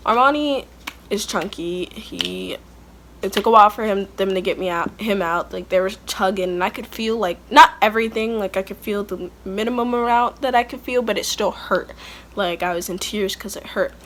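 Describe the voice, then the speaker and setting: A woman's voice: medium pitch, moderate pace, fairly bright tone, a little hiss or hum. A young woman vlogger telling a story in a chatty, candid way, full of "like" and blunt asides. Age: young adult. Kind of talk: casual storytime. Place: at home, kids nearby.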